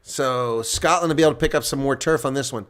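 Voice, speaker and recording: A man with a clean, mid-range voice gives quick live reaction play-by-play on a rugby match. He gets loud on big plays and drops to quiet asides.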